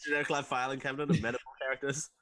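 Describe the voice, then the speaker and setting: A man's voice: medium pitch, flat delivery, racing, a crowd in the background. A man co-hosting a podcast, making dry teasing quips in casual chat. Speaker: podcast co-host.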